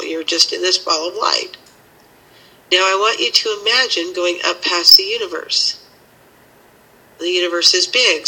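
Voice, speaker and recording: A woman teaching a healing method and leading a slow, soothing guided meditation. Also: lowish voice, sharp tone, husky, poor audio. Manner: slow, soothing guiding instructions.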